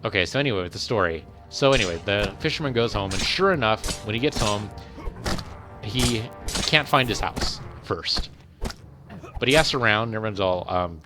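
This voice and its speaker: A man's voice: fairly low pitch, expressive, moderate pace, over music. A man hosting a game video, casually retelling a fairy tale in a rambling, conversational way. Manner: rambling, conversational, repeats phrases. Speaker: let's play host. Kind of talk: casual storytelling while playing.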